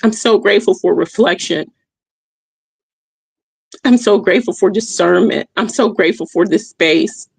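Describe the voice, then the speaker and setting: A woman's voice: medium pitch, normal speed, vocal fry, long pauses, breathy edge, dry recording. Emphatic woman host, dry close sound. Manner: emphatic, repeats key phrases, checks in with "okay?"; addresses listeners warmly as "y'all". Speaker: livestream host. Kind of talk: motivational reflection talk. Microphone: streaming mic.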